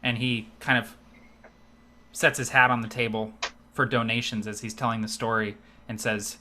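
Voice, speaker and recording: Bright-voiced male game master. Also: medium pitch, moderate pace. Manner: relaxed, filler-heavy narration. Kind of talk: narrating a tabletop game.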